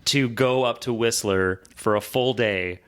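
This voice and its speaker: A man's voice: mid-range voice, unhurried, smooth. Dry wry man telling stories. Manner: dry, wry storytelling with deadpan asides. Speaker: podcast guest, actor. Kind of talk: casual chat.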